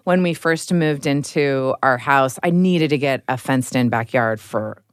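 A woman in her thirties hosting a casual chat, an animated storyteller who acts out the voices in her quotes. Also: very deep voice, measured pace, clear, resonant tone, no room sound, studio quality. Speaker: podcast host.

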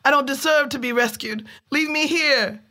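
A woman voicing an injured younger brother, faint and pleading. He sounds weak and ashamed, his voice bright and thin. It is a spoken folk tale. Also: high voice, moderate pace, voice pushed up.

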